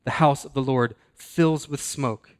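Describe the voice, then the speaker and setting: Man, pastor, mid-pitched voice, earnest sermon delivery, slows and hushes for emphasis.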